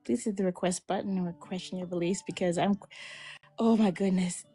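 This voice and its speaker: A woman co-hosting a casual live-stream chat, who speaks with halting restarts and laughs often. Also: on the low side, fairly even intonation, mellow, faint music behind.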